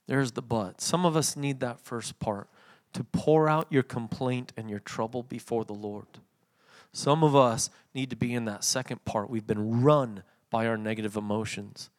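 A man preaching a sermon, swinging from loud emphatic passages to soft, quiet readings. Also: medium pitch. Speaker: pastor.

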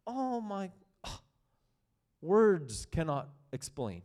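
Slow-spoken passionate male preacher. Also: high voice. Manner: passionate, swings between loud excitement and hushed reading. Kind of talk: sermon.

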